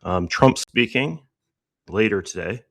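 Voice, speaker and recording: A man with a low voice, a bit out of breath, chatting loosely through a live market session. His talk is rambling and full of fillers, and the sound is dry, with no room echo. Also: animated, slow, creaky. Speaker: trading livestream host. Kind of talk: casual live market commentary.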